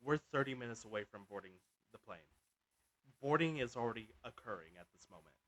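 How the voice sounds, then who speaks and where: A man's voice: mid-range voice, lively intonation, a little fast, fairly bright tone. Rambling man telling a story. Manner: rambling, full of "like" and restarts. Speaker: gaming channel host. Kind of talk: casual storytelling while gaming.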